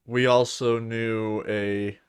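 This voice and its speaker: A man co-hosting a podcast, telling crude, swearing anecdotes in a lively, animated way. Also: medium pitch, slow pace, clear, resonant tone. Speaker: podcast co-host. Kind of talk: casual chat, storytelling.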